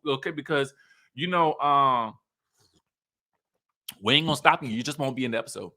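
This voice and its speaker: A man's voice: fairly high pitch, moderate pace, long pauses. A man with a Southern US accent casually recapping a reality show, acting out lines and laughing often. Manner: animated storytelling, acts out cast members' lines. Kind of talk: casual chat.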